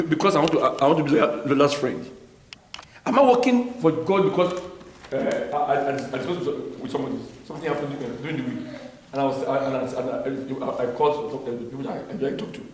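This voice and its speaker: A middle-aged man with a Nigerian accent teaching the Bible in a church, talking haltingly with many repeated words. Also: a little high, expressive. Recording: very echoey room, faint noise.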